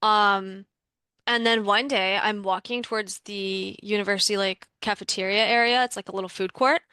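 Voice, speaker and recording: A woman's voice: medium pitch, steady tone, moderate pace, bright, forceful tone, clean tone, no echo. A young woman from Canada telling a personal story in a casual, chatty way, full of "like" fillers, as a workshop participant.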